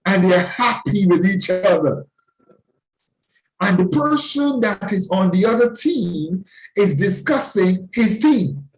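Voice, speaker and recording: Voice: mid-range voice, expressive, slow. Earnest storyteller in an echoey room. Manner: earnest, anecdotal, explaining with vivid examples. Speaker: talk show host. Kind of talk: storytelling commentary on culture. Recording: roomy echo.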